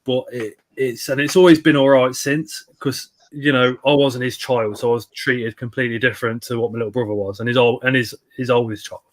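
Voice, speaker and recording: A man's voice: mid-range voice, fairly even intonation, brisk, few pauses. A man in his thirties telling blunt, sweary anecdotes on a live stream. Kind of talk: casual storytelling chat.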